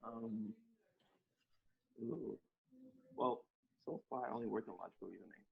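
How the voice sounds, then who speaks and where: A man answering his professor's questions in a class webinar, hesitant and quiet. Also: on the low side, big pitch swings, a little slow, creaky, slightly rough. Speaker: student. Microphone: video call. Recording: tinny phone-like line, distant from the mic.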